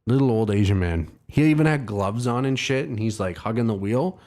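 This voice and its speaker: A man with a lowish voice chats casually to a live audience. He rambles through an anecdote, swearing freely and poking fun at himself. His delivery is loose and conversational. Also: lively intonation, a little fast, darkish tone. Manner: rambling, profane and self-mocking, with laughs. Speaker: livestream host. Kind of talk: casual storytelling to a live chat.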